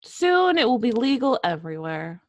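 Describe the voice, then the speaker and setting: A woman's voice: fairly high pitch, big pitch swings, moderate pace, no echo, lo-fi sound. A young woman co-hosting a podcast, telling profane stories with lots of laughter in casual chat. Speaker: podcast co-host.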